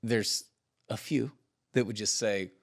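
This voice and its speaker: A man's voice: lowish voice, steady tone, slow, creaky. A man hosting a podcast who chats casually and drops in joking interjections. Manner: joking interjections, laughs often. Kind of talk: casual chat.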